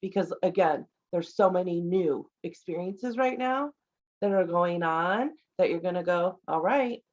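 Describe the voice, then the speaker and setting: A woman's voice: on the low side, a little slow, a little mellow. A woman hosting a casual podcast interview, rambling with many fillers and restarts. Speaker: podcast host. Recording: slightly dull lo-fi audio.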